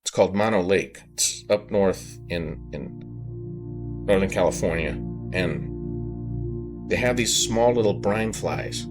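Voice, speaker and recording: A man hosting a podcast, telling a personal paranormal story in an earnest, halting way, often circling back to rephrase himself. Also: deep voice. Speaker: podcast host. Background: background music.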